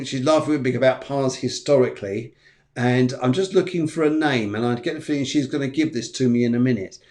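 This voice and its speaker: A man, a medium on a live stream, giving rambling, repetitive, reassuring readings. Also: medium pitch. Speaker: psychic medium.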